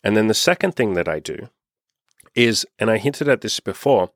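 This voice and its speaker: Man, podcast host, relaxed self-help talk, swears a lot, deep voice, dry sound. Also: moderate pace, dry recording. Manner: laid-back, swears often, talks to listeners directly. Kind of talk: casual self-help monologue.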